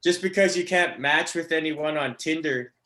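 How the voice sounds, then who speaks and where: A man's voice: on the high side, normal speed, sharp tone. A man doing a stand-up comedy set, rambling with lots of fillers and laughing at his own jokes. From Canada.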